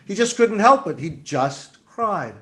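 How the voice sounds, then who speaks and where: A man telling a story gently to a group over a video call. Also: high-pitched, very animated, unhurried.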